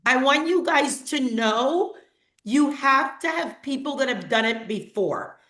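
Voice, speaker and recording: A woman's voice: high-pitched, expressive, a little slow, fairly bright tone. A woman on a team video call, earnestly and emotionally thanking the leaders who helped her. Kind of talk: heartfelt talk on a group video call. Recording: echoey room.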